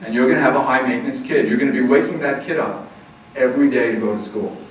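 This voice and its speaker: A man's voice: medium pitch, quick pace. A man gives an earnest parenting talk as a counselor, stressing his points and asking rhetorical questions. He sounds far from the mic in a very reverberant room. The sound is muffled, with faint noise behind him. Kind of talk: lecture to a live audience. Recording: very echoey, distant, muffled room recording.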